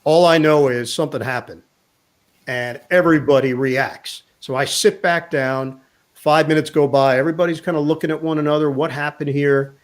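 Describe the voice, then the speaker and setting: A man, a sports broadcaster, telling an animated anecdote in a casual interview and quoting people along the way. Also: a little high, normal speed. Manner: animated anecdote teller, quotes others in voices.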